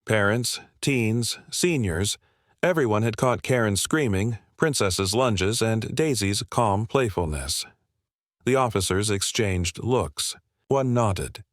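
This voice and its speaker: A man narrating a dramatic story in an expressive, scripted style. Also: lowish voice, slow, no echo, clean studio sound.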